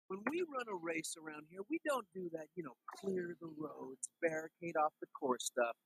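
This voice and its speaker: An actor playing a brash, upbeat male radio DJ in a racing video game, speaking scripted radio patter with a husky voice. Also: a little high, lively intonation, moderate pace, fairly bright tone, no echo, exaggerated voice, poor audio. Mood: hyped.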